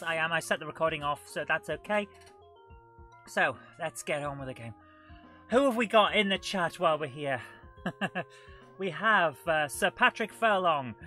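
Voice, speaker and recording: A woman's voice: lowish voice, a bit bright. A woman, chatting through a live retro game stream, self-mocking and greeting chat viewers. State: coughing and out of breath. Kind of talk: live gameplay commentary.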